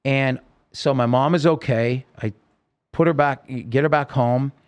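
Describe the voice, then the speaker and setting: On a podcast, a male singer-songwriter tells a personal story with earnest emotion, his sentences halting and full of restarts. His medium-pitched voice is clear and resonant, with a steady tone.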